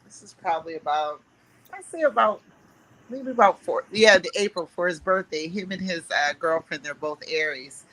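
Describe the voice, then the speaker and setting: A woman's voice: on the low side, normal speed, fairly bright tone, rough recording. A middle-aged woman, a podcast guest who chats openly, laughs often and calls herself emotional. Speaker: guest cast member. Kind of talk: casual chat.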